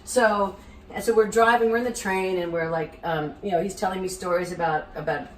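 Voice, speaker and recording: A middle-aged woman host telling a lively anecdote, acting out the other people's voices. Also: lowish voice, a little fast, far from the mic, a little hiss or hum. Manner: acts out voices in her anecdote, lively and theatrical. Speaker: cooking show host. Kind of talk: animated storytelling. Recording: echoey room, voice a bit off-mic.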